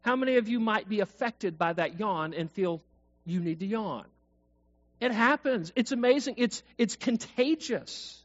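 A man's voice: high voice, lively intonation, measured pace, fairly bright tone. A man preaching a sermon, talking conversationally and asking the congregation questions. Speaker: pastor. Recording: dull lo-fi recording.

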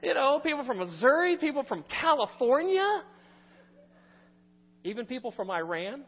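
A man preaching a sermon as pastor, animated, swinging between loud emphasis and quiet asides. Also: very high-pitched, moderate pace, breathy edge. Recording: muffled recording in a reverberant hall.

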